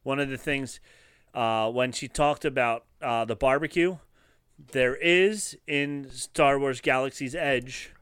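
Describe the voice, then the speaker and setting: A man's voice: medium pitch, slow pace, fairly bright tone, smooth, no echo, clean studio sound. A man co-hosting a podcast in casual chat, enthusiastic and jokey, often laughing. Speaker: podcast co-host.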